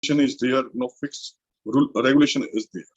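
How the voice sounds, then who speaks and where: With a steady, mid-range voice, an Indian man who lectures at a college takes his time explaining literature, going back over key terms for emphasis in his Indian English accent. The recording is muffled.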